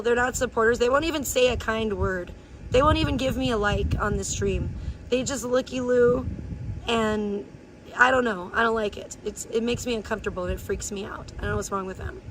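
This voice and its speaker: Woman streamer, casual livestream rant, blunt and crude, higher-pitched, faint background noise. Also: a bit bright. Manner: blunt, crude, gossipy ranting, breaks into high playful chants. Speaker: live streamer. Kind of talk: casual IRL livestream chat.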